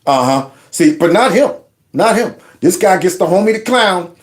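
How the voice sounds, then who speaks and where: A man hosting a casual political commentary channel, animated and mocking, in loose slang. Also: high voice, moderate pace.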